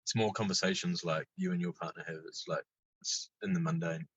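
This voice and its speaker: A man chatting casually as a podcast guest, laid-back, swearing freely and getting lively when he tells stories. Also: on the low side, a little fast, vocal fry, slightly rough, no echo, highs cut off. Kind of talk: casual chat.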